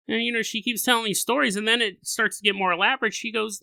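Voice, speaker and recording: A man's voice: sits high, steady tone, quick pace, gravelly, hardly any pauses, sharp tone, no echo. A man hosting a podcast, telling a creepy story with rambling, joking asides. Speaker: podcast host.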